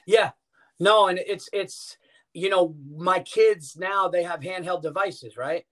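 A middle-aged man with a fairly high voice chats on a podcast as a guest comedian. He tells stories in an animated way and swears freely. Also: slow. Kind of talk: casual podcast chat.

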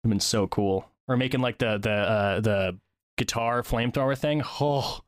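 A man co-hosting a podcast in casual chat, animated, with sudden excited high-pitched bursts. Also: moderate pace, smooth, no room sound, studio quality. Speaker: podcast co-host.

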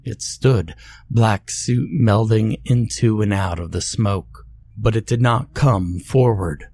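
Slow, deep-voiced male horror narrator. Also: a little mellow. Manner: slow, measured storytelling. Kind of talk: scripted horror story narration.

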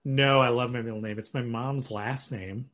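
A man's voice: mid-range voice, fairly even intonation, moderate pace, fairly bright tone. A man chatting casually as a podcast guest, easygoing and self-deprecating, laughing often. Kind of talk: casual chat.

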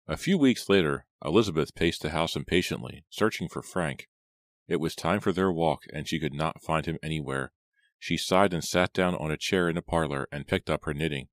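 Very deep-voiced male audiobook reader. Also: moderate pace, dry recording, clean studio sound. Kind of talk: audiobook narration.

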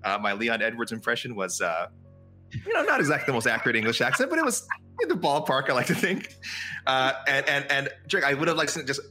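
A man's voice: medium pitch, wildly swooping pitch, fast talker, bright, forceful tone, faint music behind. A man acting as guest judge on a podcast, chatting casually with joking asides and many hesitations. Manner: hesitant, joking, filler-heavy. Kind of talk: casual chat.

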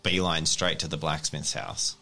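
A man's voice: extremely low pitch, fairly even intonation, measured pace, gravelly, sharp tone, faint music behind. A man playing his character in a tabletop role-playing game, chatting casually between in-character lines. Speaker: player.

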